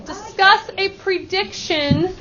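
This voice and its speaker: A woman math teacher leading a lesson with brisk, upbeat instructions and call-and-response countdowns. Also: very high-pitched, bright, forceful tone, a little hiss or hum. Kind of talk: classroom instruction. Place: school classroom. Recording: dull lo-fi classroom recording with student chatter.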